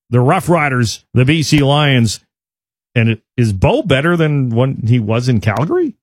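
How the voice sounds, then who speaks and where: A man's voice: mid-range voice, lively intonation, normal speed, dry recording, clean studio sound. A man hosting a sports radio show, chatting casually with sarcastic banter.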